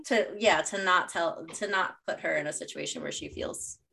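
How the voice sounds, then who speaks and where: A middle-aged woman co-hosting a casual podcast chat, an animated storyteller who swears freely and acts out quotes. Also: fairly low pitch, normal speed, gravelly, a crowd in the background. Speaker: podcast co-host.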